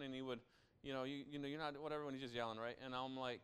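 A man's voice: medium pitch, fairly even intonation, very fast, a bit bright, clean tone. A young adult man preaching a sermon as pastor, in a conversational style with frequent asides to the listeners.

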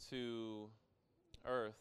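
Smooth-voiced man preaching conversationally. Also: on the low side, flat delivery, extremely slow. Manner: conversational preaching with frequent "right?" asides. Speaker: pastor. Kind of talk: sermon.

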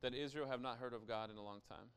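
A man's voice: medium pitch, fairly even intonation, quick pace, fairly bright tone, clear, resonant tone. A young adult man preaching a sermon as pastor, in a conversational style with frequent asides to the listeners.

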